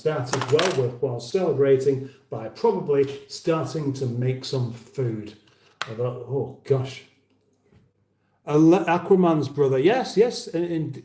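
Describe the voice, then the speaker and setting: A man's voice: mid-range voice, mellow, roomy sound. A British man in his fifties hosting a casual livestream from his kitchen, reading out viewer comments with rambling, wry banter and frequent restarts. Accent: British English. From England. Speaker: livestream host. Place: home kitchen.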